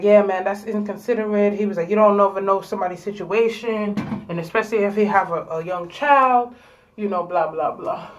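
A woman's voice: medium pitch, rough recording. A woman in her thirties vlogging, candidly telling a storytime to camera and swearing freely. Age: 30s. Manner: chatty and candid, swears freely, drawling asides. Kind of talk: casual storytime chat to camera.

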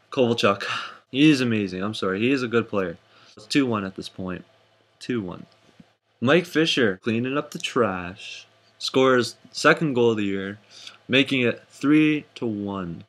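A young man casually recapping hockey games for his vlog, jokey and excitable, with sudden high whoops. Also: normal speed. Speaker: hockey fan vlogger.

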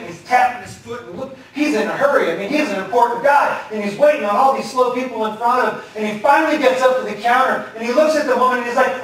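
A man's voice: very high-pitched, a bit bright. A male pastor preaching a conversational sermon, telling jokes and stories. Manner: conversational, joking storyteller. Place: church sanctuary. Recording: echoey hall, distant mic.

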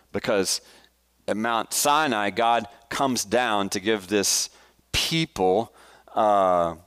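A pastor with a lowish, slightly bright voice leads a church Bible study conversationally. He enthusiastically asks the congregation questions, with restarts and fillers along the way.

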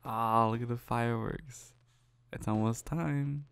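A young man in a soft, affectionate whispered role-play, talking close to the mic and laughing often. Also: mid-range voice, steady tone, measured pace, vocal fry, clean tone, dry recording. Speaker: ASMR boyfriend role-play creator.

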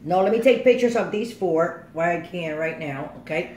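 A woman's voice: lowish voice, normal speed, darkish tone, a little hiss or hum. A middle-aged woman hosting a cooking video in her home kitchen, chatty and rambling, often checking that viewers follow her. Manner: chatty, rambling, keeps asking "you know what I'm saying?". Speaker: cooking show host. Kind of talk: casual cooking demonstration.

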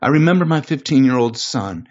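A man as a podcast guest, giving an earnest, emotional personal testimony and slowing down on the weighty moments. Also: mid-range voice, animated. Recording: muffled lo-fi recording.

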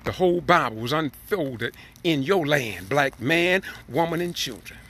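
A man's voice: fairly high pitch, expressive, unhurried, a bit bright. A man preaching fervently and emotionally, repeating phrases as he builds to emphatic peaks. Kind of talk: impassioned preaching.

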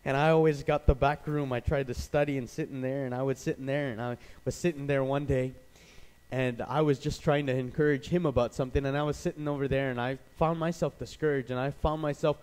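A man from Canada preaching a sermon as pastor, telling stories with animated energy and acting out the voices of people he quotes. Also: mid-range voice, a little fast, clear, resonant tone, low-quality recording.

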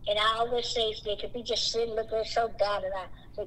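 A woman, co-hosting a casual faith chat and acting out the greetings she gives strangers in a high, bright voice. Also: fast talker, hardly any pauses, a little hiss or hum, rough recording. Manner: lively storyteller who acts out greetings in a high voice. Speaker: podcast co-host.

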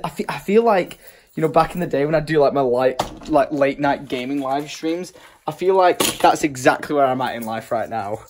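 A man's voice: medium pitch, darkish tone, slight background noise. A tired man from England, vlogging in rambling, self-mocking casual chat.

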